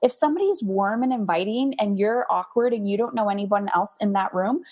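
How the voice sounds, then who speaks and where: A woman being interviewed as a parenting coach, talking candidly and in an animated way, and often acting out her own past words. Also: medium pitch, fairly quick. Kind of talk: conversational interview.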